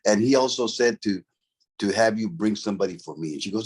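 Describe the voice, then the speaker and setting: A middle-aged former convict, appearing as an interview guest, tells a story from his past in a casual, profane, streetwise way full of "bro" and "right?". His voice is lowish, darkish, and slightly rough, and he talks fast.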